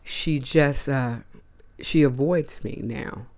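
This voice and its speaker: A woman's voice: extremely low pitch, slow, darkish tone. A woman hosting a casual monologue to camera, blunt and emphatic, with slangy asides. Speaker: host.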